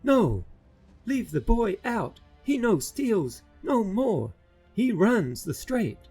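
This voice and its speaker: A man's voice: high voice, very animated, takes it slowly, dark tone, breathy edge, soft background music, pitched above the performer's own voice, full character voice. A man voicing an anxious old male tinker who speaks in broken grammar. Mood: angry.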